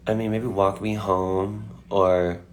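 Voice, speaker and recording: A man's voice: lowish voice, little pitch movement, slow pace, a little mellow, a little hiss or hum. A man chatting casually on a phone livestream, answering fan questions with lots of fillers. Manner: chatty, filler-heavy, frequent "like".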